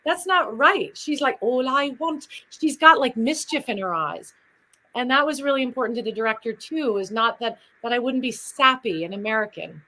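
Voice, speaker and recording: Bright, chatty woman telling stories. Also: fairly high pitch, normal speed, poor audio. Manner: animated, chatty, drifts into demonstrations. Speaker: guest performer. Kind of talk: lively interview storytelling.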